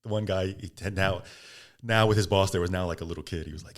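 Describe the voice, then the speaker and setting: Man, very deep voice, podcast guest, casual storytelling, acts out quotes. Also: quick pace. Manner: animated, acts out quoted speech.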